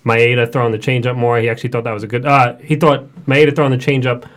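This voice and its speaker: A man co-hosting a fantasy baseball podcast, talking through stats in a steady, measured way. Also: mid-range voice. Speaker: podcast co-host. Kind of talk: casual sports podcast chat.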